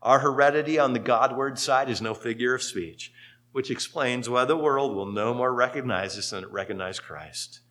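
Male pastor, sermon delivery, bright tone, lively storytelling swings. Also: normal speed. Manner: animated storytelling with sudden rises in pitch and volume.

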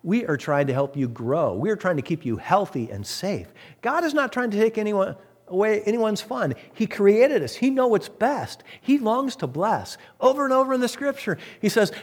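A man preaching as pastor of his church, swinging from loud emphatic peaks to hushed low asides. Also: sing-song, moderate pace. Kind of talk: sermon.

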